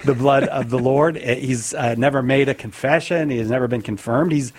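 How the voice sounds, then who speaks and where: A man's voice: medium pitch, fairly quick, a little mellow, breathy edge. A man hosting a talk show, chatty and joking at his own slips, with many restarts. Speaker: radio show host. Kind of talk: casual chat.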